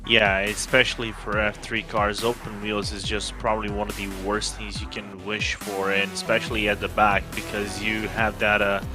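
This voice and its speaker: A man giving casual race analysis as color commentator, with hesitant, phrasing and many fillers. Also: on the low side. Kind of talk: sim racing analysis commentary.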